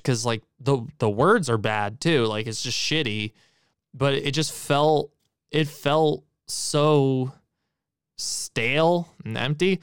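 A man's voice: medium pitch, takes it slowly, clean tone, dry recording, studio quality. A man co-hosting a podcast, giving a blunt, profane, emphatic movie critique in casual chat. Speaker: podcast co-host.

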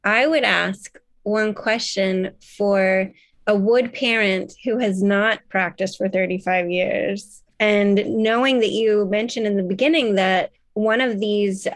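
A woman's voice: mid-range voice, slow, no room sound. A woman hosting a conversation, attentive and affirming as she asks thoughtful questions. Her voice is recorded close and dry, with no room sound. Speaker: podcast host. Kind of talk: casual chat.

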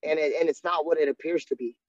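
A man's voice: a little high, steady tone, fast talker, dry recording. A man, a jiu-jitsu coach, talking candidly and earnestly in a casual interview, often restarting his sentences. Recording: dull, dry sound.

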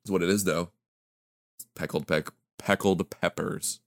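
A man's voice: sits low, fairly even intonation, unhurried. A man co-hosting a casual podcast chat, laughing often and joking about games. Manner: laughs often, jokey, quotes game lines. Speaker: podcast co-host.

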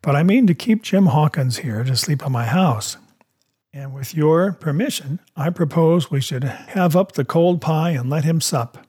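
A man voicing a calm, shrewd country doctor in a storybook reading, measured and dry, with a husky voice. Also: a little high. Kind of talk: audiobook character voice.

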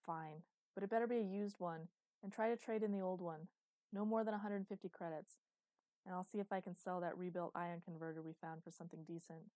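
A woman's voice: fairly low pitch, fairly even intonation, fairly quick, warm tone, dry recording, natural voice. A woman reading an audiobook, voicing a grumbling, exasperated man who is a spaceship father.

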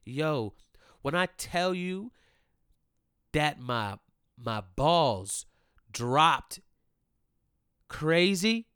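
A man ranting casually and comedically to his listeners, profane and animated, swinging between loud outbursts and low mumbled asides. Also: clear, resonant tone, no echo, clean studio sound.

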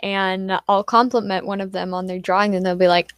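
A woman in a casual chat, a student telling animated stories from school. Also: medium pitch, brisk, clean tone, dry recording, clean studio sound. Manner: chatty, animated storytelling with acted-out quotes. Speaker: student co-host.

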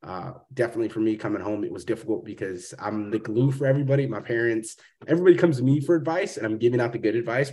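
Rambling, swearing podcast host. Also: male voice, medium pitch, a little mellow. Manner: rambling, profane, calls guest brother. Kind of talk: casual interview chat.

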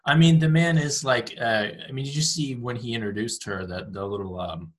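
A man's voice: medium pitch, brisk. A man co-hosting a podcast who chats casually about politics and mostly chimes in with easygoing agreement and jokes. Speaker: podcast co-host.

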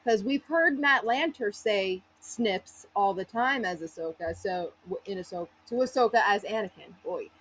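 Female podcast guest, mid pitch, gushing fan energy, faint background hum. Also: lively intonation, moderate pace, few pauses, fairly bright tone, rough recording. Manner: gushing and emotional, laughs between phrases. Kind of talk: casual fan podcast chat.

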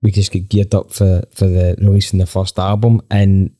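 Low, mellow man telling a story. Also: little pitch movement, moderate pace. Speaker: band member telling a story. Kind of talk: casual storytelling chat.

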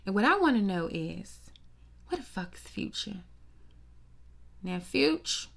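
A woman ranting in a casual, profane gossip monologue, sassy and animated, with lots of rhetorical questions. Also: mid-range voice, unhurried, vocal fry, long pauses. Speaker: commentator. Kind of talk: casual celebrity gossip rant.

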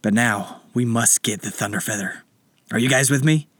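A man's voice: medium pitch, normal speed, a bit bright, dry recording, natural voice. A man voicing a dramatic, bossy pirate captain in a storybook reading. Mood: commanding. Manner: commanding, theatrical.

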